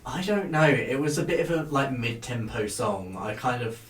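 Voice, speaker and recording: A man hosting a casual chat show, talking with hesitant pauses and fillers. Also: mid-range voice, animated. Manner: chatty, hesitant, lots of fillers. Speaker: podcast host reviewing a TV show. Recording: echoey room.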